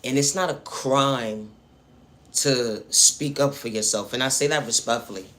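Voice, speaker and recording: Bright-voiced man giving a spiritual pep talk. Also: mid-range voice, measured pace. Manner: preachy, repeats refrains, talks straight to the viewer. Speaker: spiritual vlogger. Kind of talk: motivational spiritual monologue.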